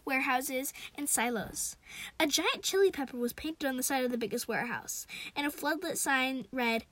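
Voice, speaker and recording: High-voiced woman reading aloud, dry close sound. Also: moderate pace, pushed and bright, dry recording. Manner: chatty asides between passages. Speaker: reader.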